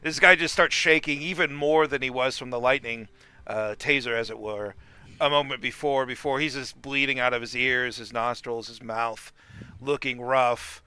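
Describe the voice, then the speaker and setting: A man narrating as game master of a tabletop game, animated and laughing often. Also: medium pitch, moderate pace, clear, resonant tone, dry recording.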